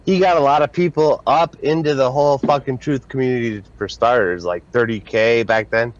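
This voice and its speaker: A man's voice: mid-range voice, moderate pace, no echo, highs cut off. A young man in a casual group chat, blunt and profane, using slang. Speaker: podcast panelist.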